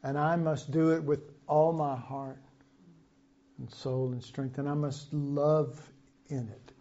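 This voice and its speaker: A man preaching a sermon, slow and conversational, reading scripture and breaking off into asides. His voice sits fairly high but mellow. The recording sounds dull and lo-fi. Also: level tone.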